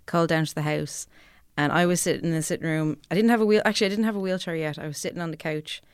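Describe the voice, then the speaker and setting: A woman's voice: sits low, fairly even intonation, very fast, clear, resonant tone, no room sound, studio quality. A young woman telling candid stories in casual chat as a guest reviewer, swearing freely.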